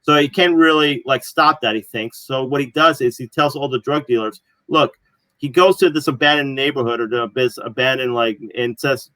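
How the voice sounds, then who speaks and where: Casting note: man, casual podcast co-host, rambling storyteller, bright, dry close sound. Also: medium pitch, moderate pace, no echo, low-quality recording. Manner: rambling, filler-heavy storytelling. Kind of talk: casual chat.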